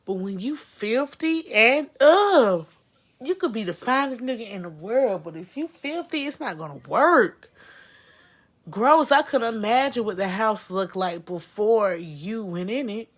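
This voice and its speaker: A woman's voice: medium pitch, expressive, measured pace, a bit bright. A woman appearing as a guest friend, giving emphatic, disgusted, profane commentary in casual talk.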